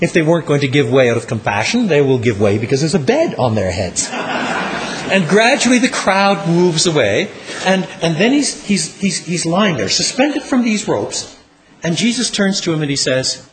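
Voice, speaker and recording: A man preaching a sermon with dramatic storytelling, dropping low and slowing down on key words. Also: very animated, a little hiss or hum.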